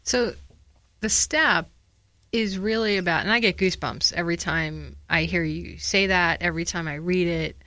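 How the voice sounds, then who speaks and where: A woman's voice: lowish voice, moderate pace, sharp tone, no echo. A woman from the northern United States hosts an interview show. She talks with open enthusiasm and piles on praise for her guest. The sound is dry and close. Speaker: talk show host.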